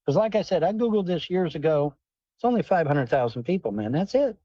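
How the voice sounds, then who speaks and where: A man's voice: on the high side, very animated, brisk, dark tone, no echo. A man hosting a livestream, rambling and swearing as he answers questions from the chat while in a car. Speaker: livestream host. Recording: dull, dry lo-fi stream audio.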